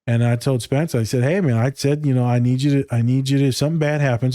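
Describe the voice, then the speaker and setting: A man's voice: medium pitch, steady tone, quick pace, warm tone, no echo, clean studio sound. Candid, swearing man. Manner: loose and candid, swears freely, acts out quoted dialogue. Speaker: podcast co-host. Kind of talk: casual podcast chat.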